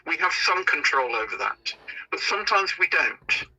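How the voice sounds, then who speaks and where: A man talks through a podcast interview in a loose, anecdotal way, often starting over mid-sentence. His voice is very bright and forward, with a husky edge. He sits a little high for a man. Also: big pitch swings, normal speed, low-quality recording. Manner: rambling and anecdotal, with frequent restarts. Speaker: podcast guest.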